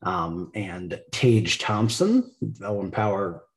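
A man with a somewhat low voice co-hosts a relaxed sports podcast. He walks through the night's plays one by one and breaks into laughter often. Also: slow. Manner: play-by-play recap, laughs often. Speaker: podcast co-host. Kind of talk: casual sports chat.

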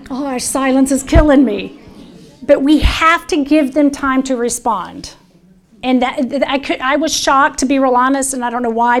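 A woman with a Southern US accent presenting on dementia care to an audience, earnest and conversational with frequent restarts. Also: sits high.

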